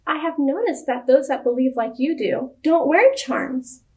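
A woman's voice: high voice, lively intonation, measured pace. Missus Orestiel, a woman doing a worried mother. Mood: earnest. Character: gentle worried village mother.

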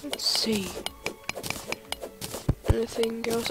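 A young adult gamer giving let's play commentary, excitable and talking to themself while playing. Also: medium pitch, unhurried, over loud music. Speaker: gaming video creator.

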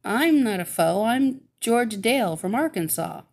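A woman voicing a polite, puzzled young girl heroine in a storybook reading, higher than her own voice. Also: animated, unhurried.

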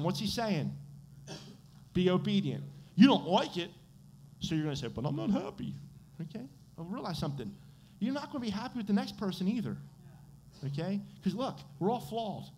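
An American man gives a sermon to his congregation, his voice pitched fairly high and swinging widely as he quizzes them. He keeps turning his points into questions and answering them himself. A faint hiss of background noise hangs in the church. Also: darkish tone. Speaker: pastor. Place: church sanctuary.

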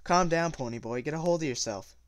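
A man's voice: mid-range voice, fairly even intonation, quick pace, close to an everyday voice. A man voicing a scared teenage boy who speaks tensely and urgently, with a slight lift in his read.

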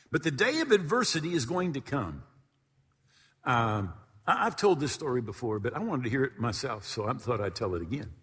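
A man's voice: on the high side, fairly bright tone, breathy edge. A middle-aged male pastor telling a story in a sermon to his congregation, acting out the voices of the people in it. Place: church sanctuary before a congregation. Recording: long hall reverb.

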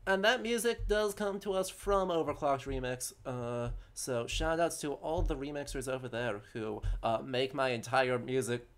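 This co-host of a history gaming live stream talks casually at a normal pace in a mid-range voice, barely pausing. She upbeatly plugs the channel and recaps the game's story.

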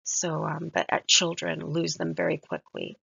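Woman lecturer, husky and very gravelly, reflective and admiring, dull dry lo-fi recording. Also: low voice, little pitch movement, normal speed, no room sound. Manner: reflective, admiring, soft-spoken. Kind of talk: recorded mini-lecture on a poem.

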